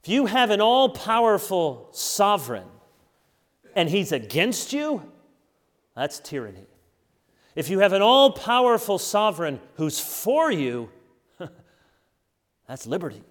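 Earnest male preacher in a reverberant hall. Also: a little high. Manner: earnest, emphatic preaching with slowed stressed words. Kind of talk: sermon.

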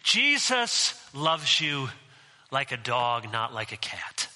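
A man's voice: medium pitch, slow, pushed and bright, in a large hall, poor audio. A man preaching a sermon as pastor, conversational and mixing in humorous asides.

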